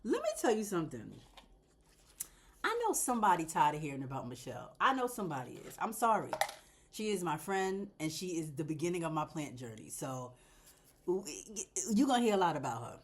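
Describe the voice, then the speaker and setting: Chatty, animated woman vlogging about plants. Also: low voice, normal speed, long pauses, slight background noise. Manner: animated and talkative, laughs and addresses viewers directly. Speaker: plant vlogger, channel host. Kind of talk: casual chatty vlog while repotting plants.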